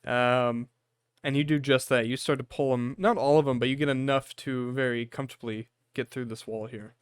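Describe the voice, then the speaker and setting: Smooth-voiced man narrating as game master. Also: medium pitch, fairly even intonation, dry recording, clean studio sound. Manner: descriptive, unhurried, with frequent fillers. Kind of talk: narrating a tabletop horror game.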